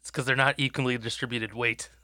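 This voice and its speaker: A man's voice: medium pitch, fairly even intonation, fast, pushed and bright, dry recording. A man chatting casually on a podcast, explaining things and laughing along. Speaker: podcast co-host. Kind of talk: casual profane chat.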